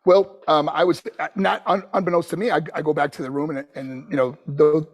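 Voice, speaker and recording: A male guest telling a story in casual chat, animated and acting out the quotes. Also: a little high, a little fast.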